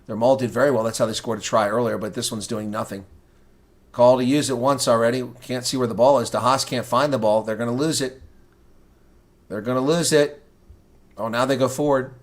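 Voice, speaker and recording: Brief: male streamer, mid-pitched, live rugby play-by-play, excitable, outbursts, chats to viewers. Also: fast talker. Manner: excitable, swings from calm calling to loud outrage; talks to chat viewers between plays. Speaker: livestream rugby commentator. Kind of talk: live reaction play-by-play commentary.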